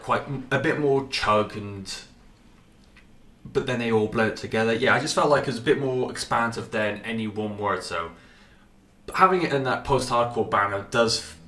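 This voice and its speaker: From a cold apartment, a male music reviewer casually rambles through album reviews, swearing and leaning on fillers, sounding a bit stuffy from a runny nose. His voice is on the low side and sharp, captured from a distance with a roomy sound.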